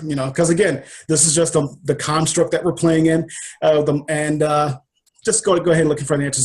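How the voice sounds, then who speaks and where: Man guest, higher voice, expressive, emotional storyteller who acts out scenes. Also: fairly quick. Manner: animated and emotional, acts out his own dialogue. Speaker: life coach and interview guest. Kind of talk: personal storytelling in a conversation.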